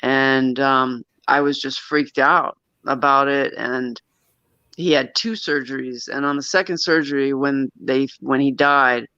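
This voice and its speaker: A man's voice: medium pitch, steady tone, a little slow, bright, forceful tone, clear, resonant tone, no echo. A man casually telling a long personal story as a guest, rambling with frequent restarts and nervous little laughs. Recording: dull, lo-fi sound.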